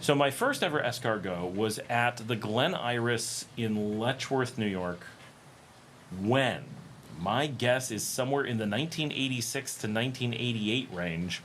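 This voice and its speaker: A man's voice: mid-range voice, lively intonation, a little slow, a bit bright, slight background noise. A middle-aged American man chatting casually on his livestream, rambling with many ums and restarts. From United States. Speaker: livestream host.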